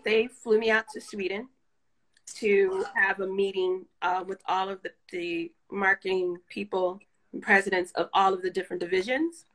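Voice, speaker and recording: A woman's voice: medium pitch, fairly bright tone, poor audio. A woman guest in a casual interview, telling stories candidly and laughing often. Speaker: guest photographer.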